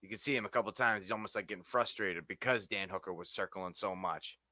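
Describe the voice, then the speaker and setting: A man co-hosting a casual podcast, talking fights in an excitable way, swearing freely and often adding "you know what I mean". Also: sits low, quick pace, dry recording. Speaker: podcast co-host. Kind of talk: casual fight-talk chat.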